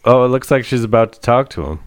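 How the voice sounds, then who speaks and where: A man's voice: mid-range voice, animated, fast, clear, resonant tone, no echo. A man co-hosting a comedy podcast, trading dry, profane jokes. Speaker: podcast co-host. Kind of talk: crude comedic banter.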